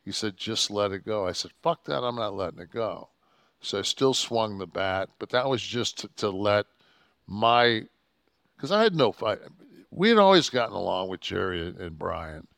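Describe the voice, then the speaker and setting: A man's voice: on the low side, expressive, normal speed, creaky, fairly bright tone, no echo, clean studio sound. A man co-hosting a podcast, telling a story in a profane, heated, rambling way. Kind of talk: casual storytelling chat.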